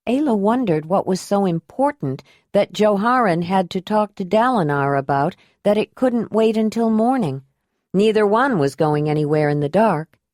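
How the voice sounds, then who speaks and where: A woman narrating an audiobook in an even, unhurried storytelling manner. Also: mid-range voice, dry recording, clean studio sound.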